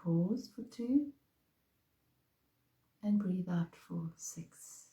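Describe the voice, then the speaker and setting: A woman leading a slow guided breathing meditation in a soft, calm voice. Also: lowish voice, reverberant, rough recording. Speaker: meditation teacher.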